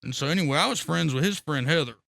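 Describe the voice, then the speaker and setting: Male podcast guest, high gravelly voice, rowdy profane storyteller. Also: fast, dry recording. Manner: profane, excitable, laughs often. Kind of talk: casual storytelling.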